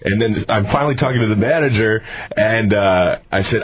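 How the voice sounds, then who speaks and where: A young man co-hosting a radio show, telling a story and getting worked up until he shouts in outrage. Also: lowish voice, moderate pace, husky, rough recording. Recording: radio studio broadcast.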